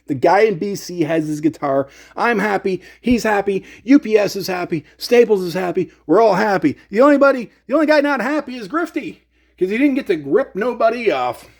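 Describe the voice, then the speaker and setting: Sarcastic man with a lively voice. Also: high-pitched, brisk, vocal fry. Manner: sarcastic, animated storytelling. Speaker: gear channel YouTuber. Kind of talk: casual storytelling rant.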